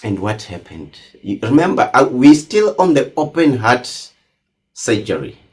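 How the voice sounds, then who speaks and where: Lively male interview host. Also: mid-range voice, measured pace. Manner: recaps and prompts the guest. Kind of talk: conversational interview.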